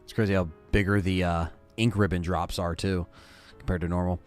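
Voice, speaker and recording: Low-voiced gamer guy, sleepy, chatting with his stream, faint music behind. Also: a little fast. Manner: rambling, laid-back, talks to chat. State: tired, yawning. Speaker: gaming streamer. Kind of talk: casual gameplay commentary to chat.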